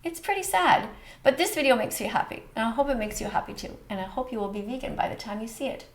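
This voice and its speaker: Reacting to a short film, a woman talks fast in a fairly high, expressive voice. Her commentary is earnest, emotional and a bit preachy.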